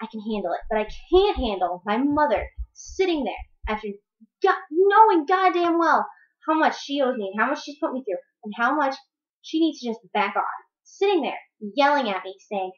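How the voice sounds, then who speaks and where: A woman's voice: on the high side, lively intonation, normal speed, a bit bright. Heated, profane young woman ranting. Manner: heated, blunt and profane, repeats words for emphasis. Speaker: vlogger. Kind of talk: ranting vlog monologue. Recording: muffled echoey room recording.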